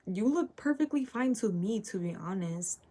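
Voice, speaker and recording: A woman's voice: mid-range voice, expressive, moderate pace, warm tone, slight background noise. A teenage girl telling a casual story while getting ready, ranting and full of fillers, often tagging lines with "okay?". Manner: ranting, filler-heavy, keeps asking "okay?". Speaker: vlogger.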